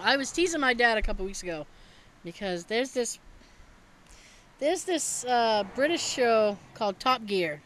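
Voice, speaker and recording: A woman casually telling stories in a chat, animated and laughing often, with a bit of swearing. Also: on the high side, a little hiss or hum, rough recording.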